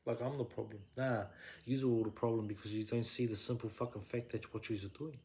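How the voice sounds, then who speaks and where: A man, a podcast guest, ranting in blunt, profane, emphatic conversation that swings up into shouting. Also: mid-range voice, fairly even intonation, fairly quick. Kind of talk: heated conversational rant.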